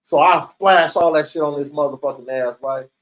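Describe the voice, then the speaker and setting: A man's voice: on the high side, fairly quick, fairly bright tone, low-quality recording. A man telling a story in a casual, streetwise way, swearing freely and often checking in with "right?". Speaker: storyteller recounting prison life.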